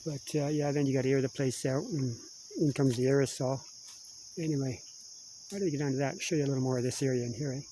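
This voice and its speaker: A man's voice: mid-range voice, fairly even intonation, fast, warm tone, poor audio. Middle-aged canadian guy rambling on a morning walk in the woods, says eh a lot, faint bugs and outdoor hiss. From Kingston, Ontario, Canada. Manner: chatty, laughs often, says "eh". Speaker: vlogger. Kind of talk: casual rambling vlog. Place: outdoors in a wooded patch.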